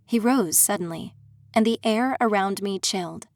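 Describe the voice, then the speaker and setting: A woman narrating a first-person dark fantasy audiobook in a steady, dramatic storytelling manner. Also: medium pitch, normal speed, dry recording.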